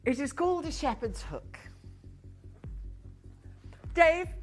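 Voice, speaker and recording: A woman hosting a live shopping channel, talking in a chatty, upbeat, coaxing way. Her voice sits a little high, and faint studio music plays behind her. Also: expressive, moderate pace. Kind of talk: live TV sales pitch.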